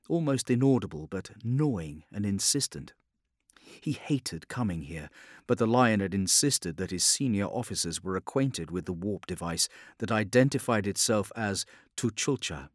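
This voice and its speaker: A man narrating a science fiction audiobook in a measured, grave storytelling manner. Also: lowish voice, animated, no echo, clean studio sound. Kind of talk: scripted dramatic narration.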